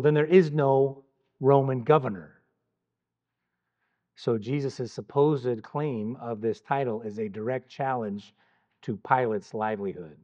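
A man teaching about the Bible in a measured, emphatic way, pausing deliberately on key words. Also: medium pitch, darkish tone, lo-fi sound. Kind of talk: scripted Bible teaching narration.

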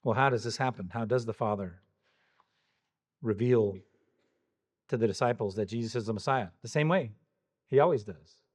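A man preaching a verse-by-verse sermon, pressing his listeners with repeated rhetorical questions. He leans hard on key words for emphasis and speaks in a voice of ordinary pitch for a man. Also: moderate pace, long pauses, darkish tone. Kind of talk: expository sermon.

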